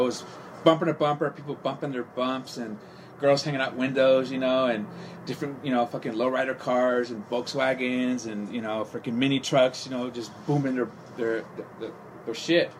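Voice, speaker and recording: A man's voice: mid-range voice, steady tone, normal speed, slight background noise. A middle-aged man from California telling a long anecdote in a casual podcast chat, rambling and profane with constant "you know" fillers.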